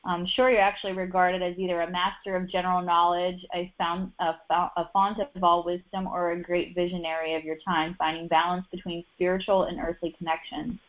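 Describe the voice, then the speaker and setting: A woman's voice: lowish voice, little pitch movement, a little fast, hardly any pauses. A woman giving a casual personal reading, chatty and full of fillers and restarts. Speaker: human design reader. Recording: dull lo-fi sound.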